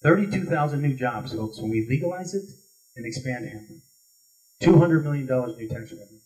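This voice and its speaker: A man's voice: fairly high pitch, expressive, a little fast, darkish tone. A man running for governor, delivering an emphatic, rallying closing speech at a forum. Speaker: political candidate. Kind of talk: campaign closing statement. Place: meeting hall forum. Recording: distant room mic.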